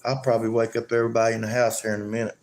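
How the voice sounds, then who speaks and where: A man's voice: medium pitch, flat delivery, racing, a little mellow. A man chatting casually and joking on a live stream, rambling and chuckling often.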